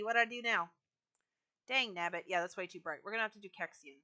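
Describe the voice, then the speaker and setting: Bright-voiced woman chatting on a game stream. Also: medium pitch, fast talker. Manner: chatty, talks to chat while decorating. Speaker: live streamer. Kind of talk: casual game-stream chat.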